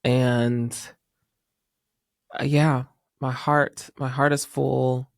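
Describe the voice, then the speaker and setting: A man's voice: mid-range voice, flat delivery, drawn-out words, gravelly, no room sound, clean studio sound. A man, chatting emotionally and laughing as host of his solo podcast. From North Carolina. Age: 30s. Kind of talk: casual solo podcast chat.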